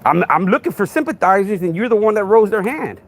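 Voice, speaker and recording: A Texan man hosting a live stream, firing rhetorical questions at a commenter and repeating himself. His voice is gravelly and swings widely in pitch. A faint hum of noise sits behind him. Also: very animated, fast. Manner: confrontational, repetitive, rhetorical questions. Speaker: podcast host.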